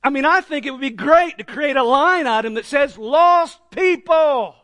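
High-voiced emphatic male preacher. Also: brisk, dry recording. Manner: emphatic, swings between hushed and loud; asks the congregation rhetorical questions. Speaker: pastor. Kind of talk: sermon.

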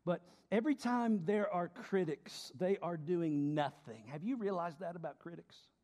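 A middle-aged male pastor preaching a sermon, dropping to hushed tones and rising to loud emphasis, asking his listeners questions and joking with them. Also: sits high, normal speed. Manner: asks the congregation questions, jokes with them.

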